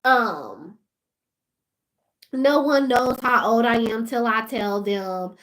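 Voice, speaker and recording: High-pitched woman ranting to her viewers, laughs a lot. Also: takes it slowly. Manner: animated, laughing, talks straight to viewers. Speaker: vlogger. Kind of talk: casual storytime rant.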